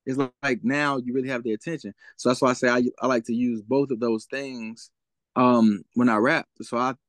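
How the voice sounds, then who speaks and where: A man's voice: medium pitch, steady tone, moderate pace, a bit bright, no room sound. A young man as a guest in a casual interview, talking in a laid-back way and often asking "you know what I'm saying?".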